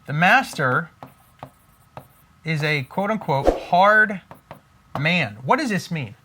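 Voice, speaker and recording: Bright, animated preaching man. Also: slow pace, background noise. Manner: emphatic, repeats words, quotes imagined believers in a higher voice. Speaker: faith-based money teacher. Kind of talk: preaching-style teaching video.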